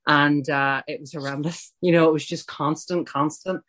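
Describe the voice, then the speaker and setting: A woman's voice: low voice, fairly even intonation, normal speed, fairly bright tone. A middle-aged woman from Ireland sharing her personal recovery story at a support meeting, candid and self-mocking, with chatty asides.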